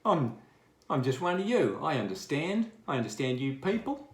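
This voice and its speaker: A man's voice: a little high, big pitch swings, moderate pace, roomy sound. An Australian man doing a mock-sincere impression of a smug male politician who claims to be ordinary. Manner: mock-sincere, falsely reassuring.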